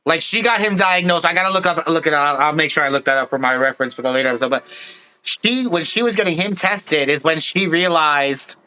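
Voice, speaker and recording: Bright-voiced man rambling earnestly. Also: on the high side, fairly quick, faint music behind, poor audio. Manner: earnest, rambling explanations with many "literally"s. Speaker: podcast co-host. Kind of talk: casual podcast chat.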